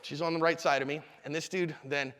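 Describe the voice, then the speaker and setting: A middle-aged man with a fairly high voice leads a live seminar in a convention hall, telling stories with lively energy and slipping into the voices of the people he describes. His voice rings with a long, echoey hall reverb. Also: a little fast. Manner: animated storyteller, acts out quotes. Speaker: self-defense instructor.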